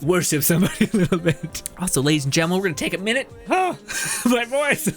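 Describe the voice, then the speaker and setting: Excitable swearing streamer, higher male voice. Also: rapid-fire, soft background music. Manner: laughs often, swears freely, excitable and rambling. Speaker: game streamer. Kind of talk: casual livestream chat, reading chat messages.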